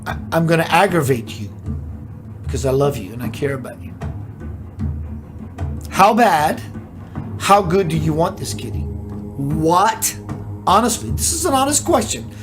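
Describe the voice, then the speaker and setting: Musing spiritual live-stream host over music. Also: mid-range voice. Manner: slow, musing, full of rhetorical questions. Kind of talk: live-stream spiritual talk, reading chat comments.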